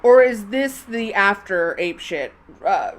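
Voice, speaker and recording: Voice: mid-range voice, lively intonation, slow pace. A commentator reacting to clips with mocking, sarcastic asides and gasps.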